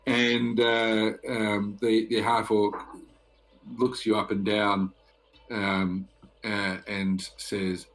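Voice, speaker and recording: A man narrating as game master for a tabletop game, halting with many fillers and pauses. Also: lowish voice, little pitch movement, a bit bright.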